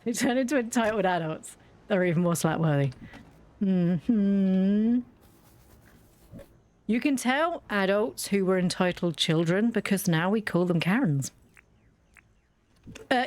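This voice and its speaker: A woman's voice: mid-range voice, a little slow, long pauses, darkish tone. A woman with a British accent, bluntly ranting and swearing freely while chatting over a game. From Britain. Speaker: YouTuber playing a game. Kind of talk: casual gameplay commentary.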